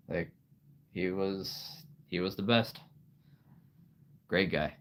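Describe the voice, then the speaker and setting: Brief: low-voiced livestream host, thirties, halting and unhurried. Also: male voice. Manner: rambling, halting, laughs often. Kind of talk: casual live-stream chat.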